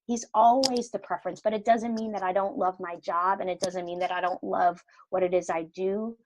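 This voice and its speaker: Animated and acting out the lines she quotes, a middle-aged podcast guest tells a personal story in casual conversation. Her voice is on the low side at a moderate pace, and the recording is dry with poor audio.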